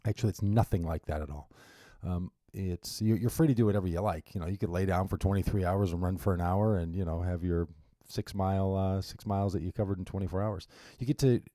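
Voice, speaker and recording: A low-voiced man hosts a radio show by himself, talking into a studio mic. His tone is mellow and relaxed, and he rambles casually with wry little asides. The sound is dry and close. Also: quick pace, hardly any pauses, no echo. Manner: chatty and rambling, with wry asides and frequent restarts. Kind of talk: casual solo radio monologue.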